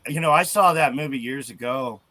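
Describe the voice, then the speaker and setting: Earnest male guest in a casual video chat, bright voice, halting delivery with many restarts. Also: medium pitch.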